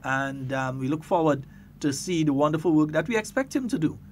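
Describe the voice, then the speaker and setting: A Grenadian man with a high voice hosts a radio talk show, chatting in a lively, laughing way. A faint hum sits under the studio sound. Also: a little fast. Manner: lively, laughs often, stretches words for emphasis. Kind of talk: casual radio chat.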